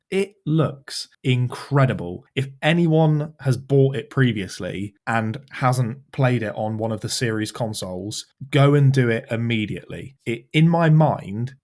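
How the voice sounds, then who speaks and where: A man hosting a gaming podcast, talking enthusiastically in casual chat, sometimes in quick bursts. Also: mid-range voice, a little mellow. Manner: enthusiastic, rapid bursts of chatter. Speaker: podcast host.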